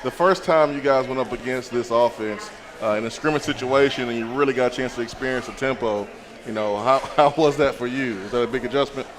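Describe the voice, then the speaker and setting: A man co-hosting a live sports talk show, asking questions with many fillers and pauses. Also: mid-range voice. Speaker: co-host. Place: busy restaurant with crowd chatter. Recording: live event with crowd noise.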